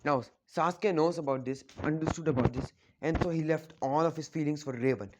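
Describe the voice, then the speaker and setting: A man's voice: fairly high pitch, fairly quick, noisy background. A man casually retelling a fan story, rambling with lots of restarts and filler words. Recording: dull lo-fi recording.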